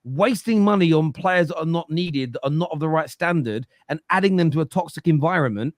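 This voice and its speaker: A man's voice: on the high side, a little fast, dry recording, clean studio sound. A man giving football opinions on a fan show, emphatic and lecturing, often repeating himself. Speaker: football pundit. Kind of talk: animated football opinion talk.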